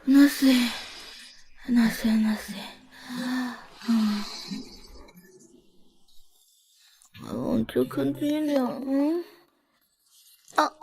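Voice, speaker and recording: A woman's voice: high-pitched, very slow, pauses often, dark tone, full character voice. A drunk, defiant young woman. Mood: drunk teasing. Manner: slurred, drowsy drunk delivery. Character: tipsy young woman, sharp-tongued and defiant. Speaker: heroine. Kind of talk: dubbed drama acting.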